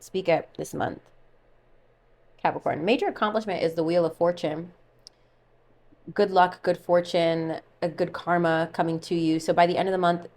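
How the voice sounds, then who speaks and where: Tarot reader, woman, slightly low voice, casual chatty delivery, muses aloud. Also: a little mellow. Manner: chatty, musing, thinks aloud while pulling cards.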